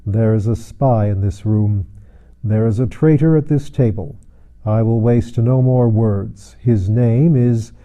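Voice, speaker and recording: A man voicing a huge, commanding president with a genial menace, speaking slowly and deliberately. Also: mid-range voice, dark tone, muffled recording, natural voice. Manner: slow, deliberate, brisk and mocking.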